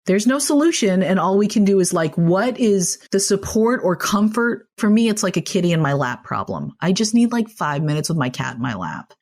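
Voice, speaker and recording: A woman's voice: mid-range voice, very animated, moderate pace, few pauses, a little mellow. A woman speaking as a podcast guest and clinical social worker, talking in an earnest, reassuring, conversational way. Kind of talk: podcast interview.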